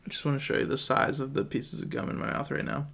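A man's voice: medium pitch, fast talker, vocal fry, fairly bright tone, breathy edge. Gum-muffled man reading a script. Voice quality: mouth stuffed with chewing gum. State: dry throat. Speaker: video creator. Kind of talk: reading a film script aloud.

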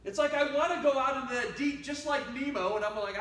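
High-voiced man preaching in a roomy church. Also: brisk, few pauses, slight background noise. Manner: conversational preaching, swings between loud exhortation and quiet asides. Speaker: pastor. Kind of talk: sermon. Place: church sanctuary. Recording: roomy church sound from a distant mic.

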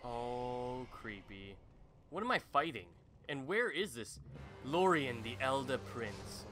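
A young man hosting a let's-play, commenting as he goes. He mutters nervously, then bursts into loud exclaims and yelps. Game music plays clearly behind his voice. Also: mid-range voice, animated, slow pace. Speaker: gaming channel host.

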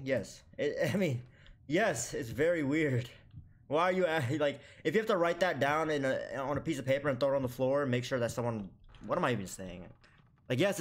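A young man giving crude, joking commentary on a horror game, mock-scolding the screen and breaking into sudden high yelps when startled. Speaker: gaming YouTuber.

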